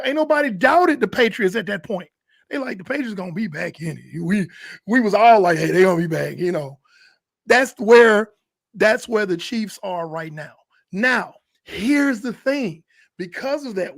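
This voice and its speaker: Male podcast co-host, high voice, animated storyteller who acts out quotes. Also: a little slow, vocal fry. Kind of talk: casual sports talk.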